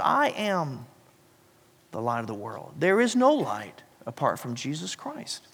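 A man's voice: big pitch swings, a little slow, breathy edge. Man preaching in a reverberant hall. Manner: dynamic preaching, swinging from loud emphasis to hushed low passages. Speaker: pastor. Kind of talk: sermon.

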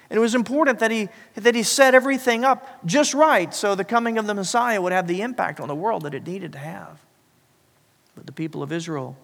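A man preaching a sermon as pastor, swinging from loud emphatic passages to hushed, low, slow lines. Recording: long hall reverb.

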